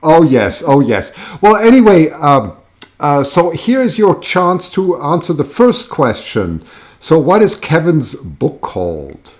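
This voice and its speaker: A man's voice: a little high, very animated, slow. Chatty man hosting a live call-in show. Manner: chatty, rambling with fillers and restarts. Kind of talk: casual live show chat.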